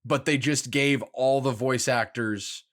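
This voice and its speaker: A man's voice: medium pitch, fairly even intonation, measured pace, a bit bright. A man co-hosting a casual gaming podcast, teasing his co-host dryly and explaining things at length.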